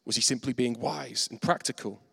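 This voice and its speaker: A man preaching a sermon, animated and self-mocking, acting out the voices in his stories. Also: medium pitch, fairly quick, creaky, husky. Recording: reverberant hall.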